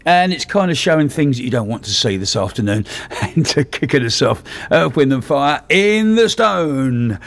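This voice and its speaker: A male radio DJ presenting his afternoon show in a playful, excitable, teasing way. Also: medium pitch, a little fast.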